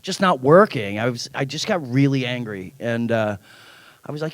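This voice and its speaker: Middle-aged male panel guest, animated storyteller, dry close sound. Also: mid-range voice, normal speed, no room sound. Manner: animated anecdote-telling, acts out quoted dialogue, laughs often. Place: convention panel room.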